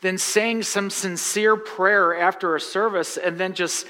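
A man's voice: sits high, steady tone, unhurried, sharp tone. A man preaching a sermon in a church, reading scripture, praying and joking with the congregation. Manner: jokey, conversational asides to the congregation. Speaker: pastor. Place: church sanctuary. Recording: long church reverb.

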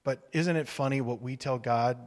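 A male pastor preaching a sermon in a relaxed, humorous, conversational way, acting out little quotes. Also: medium pitch, moderate pace. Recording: reverberant hall.

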